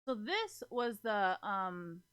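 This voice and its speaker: A woman's voice: medium pitch, very animated, takes it slowly, fairly bright tone, smooth. A young woman chatting to her viewers in a loose, rambling way, full of fillers, swearing and frequent laughter. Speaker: streamer talking to viewers. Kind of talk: casual rambling chat.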